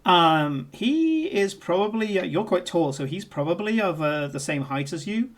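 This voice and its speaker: A man's voice: sits high, expressive, normal speed. Brief: man running a tabletop game, casual, profane, filler-heavy narration. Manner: swears a lot, rambling with fillers. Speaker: game master.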